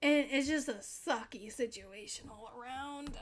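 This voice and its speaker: A woman's voice: high-pitched, measured pace, fairly bright tone. A young woman reacting to a show in casual commentary, emotional, teary and swearing freely. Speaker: reaction video host.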